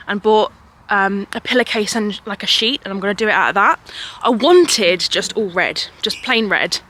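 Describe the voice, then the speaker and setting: A woman's voice: medium pitch, sharp tone. A young woman vlogging outdoors in a park, chatty and rambling, a little out of breath and laughing often. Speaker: vlogger and mother. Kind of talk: casual chatty vlog.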